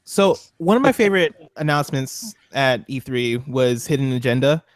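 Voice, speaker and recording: A man co-hosting a podcast in a casual group chat, rambling excitably with lots of fillers. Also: medium pitch, moderate pace, dry recording. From Seattle. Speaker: podcast co-host.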